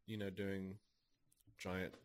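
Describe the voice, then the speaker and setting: A deep-voiced man co-hosts a relaxed podcast. He mostly answers with quick agreements and slips in dry, offhand jokes. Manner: dry quips, frequent short agreements. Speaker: podcast co-host. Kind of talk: casual chat.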